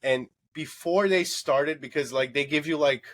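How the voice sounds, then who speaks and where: A man hosting a casual late-night podcast, telling an animated story with lots of swearing and laughter. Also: on the high side, normal speed. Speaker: podcast host.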